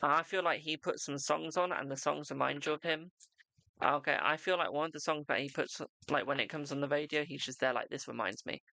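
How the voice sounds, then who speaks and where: A young man gives a live-streamed tarot reading in a raised, gravelly voice with a bright, forceful edge. He talks in a soothing, repetitive way, checking in with "okay?" and calling the viewer his darling. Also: fairly high pitch, a little fast, no echo. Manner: reassuring, repetitive, keeps saying "okay" and "my darling".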